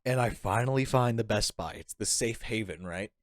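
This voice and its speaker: Animated rambling young man telling a story. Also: fairly low pitch, normal speed, no echo, clean studio sound. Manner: animated, rambling, laughing, acts out quoted lines. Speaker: podcast guest. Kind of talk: casual storytelling chat.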